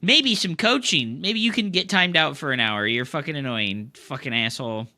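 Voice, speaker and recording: Young man, game streamer, very bright sharp tone, frustrated ranting, lots of cursing, slangy. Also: fairly high pitch, lively intonation, moderate pace. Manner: frustrated ranting, heavy swearing; loose slangy gamer talk. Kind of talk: live gameplay commentary.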